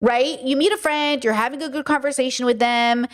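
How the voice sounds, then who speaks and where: Chatty woman streamer, higher voice. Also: steady tone, a little fast. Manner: thinks aloud, asks chat and herself questions. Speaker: streamer reacting to a video. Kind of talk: casual live-stream commentary.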